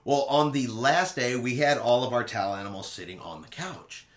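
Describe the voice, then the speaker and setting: A man hosting a travel vlog, telling a casual cruise recap in an animated way and acting out quotes dramatically. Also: medium pitch, moderate pace, reverberant. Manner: animated storyteller who acts out quotes dramatically.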